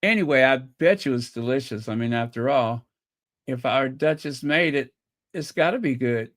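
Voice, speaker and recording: A woman with a bass voice hosts a fan channel livestream at a moderate pace, chatting casually as she reacts to clips, thinks aloud, and reads viewer comments. The studio sound is clean with no room echo.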